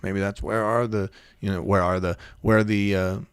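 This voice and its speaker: A man's voice: on the low side, little pitch movement, normal speed, clear, resonant tone, no echo. A man co-hosting a casual podcast, telling stories in a profane, slangy way and acting out the quotes. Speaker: podcast co-host. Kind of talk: casual storytelling chat.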